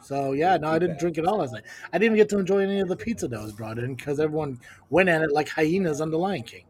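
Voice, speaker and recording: A man hosts a loose live-stream chat about a wrestling show, his voice sitting a touch high. He jokes easily and keeps slipping into mock exasperation. The talk is relaxed and unscripted. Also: quick pace. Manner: joking, exasperated, mutters "Jesus". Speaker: podcast host and wrestling commentator.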